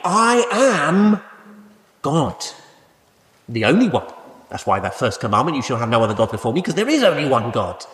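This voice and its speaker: Preacher in an echoing hall. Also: male voice, on the high side. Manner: conversational, asks rhetorical questions. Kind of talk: sermon. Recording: echoey hall with long reverb.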